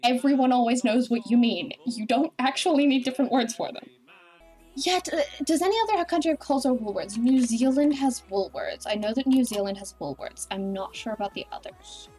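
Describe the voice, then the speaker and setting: A woman's voice: fairly high pitch, fairly quick, husky, faint music behind. Chatty Australian woman streaming. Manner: chatty, rambling, animated. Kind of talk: casual chat while gaming.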